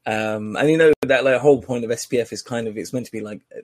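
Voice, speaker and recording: A man's voice: mid-range voice, fast, no room sound. A man hosting a podcast in casual chat, rambling with many fillers and joking. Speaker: podcast host.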